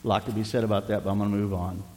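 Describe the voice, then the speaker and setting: A man's voice: on the low side, flat delivery, very fast, darkish tone, in a large hall, a little hiss or hum. A middle-aged male pastor preaching a sermon, emphatic and repetitive, reading scripture aloud.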